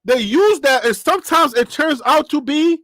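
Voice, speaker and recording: A man hosting a live sports reaction stream, talking straight to his chat in a rambling, animated way. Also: very high voice, normal speed, no echo, clean studio sound. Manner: shouting and cheering with joy; emotional, near tears, thanking God.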